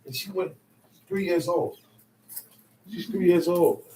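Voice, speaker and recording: High-voiced man teaching in an echoey room. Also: a little slow. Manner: emphatic, acts out quotes, sometimes shouting. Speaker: bible study teacher. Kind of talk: animated spoken teaching. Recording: echoey room, mic far off, faint noise.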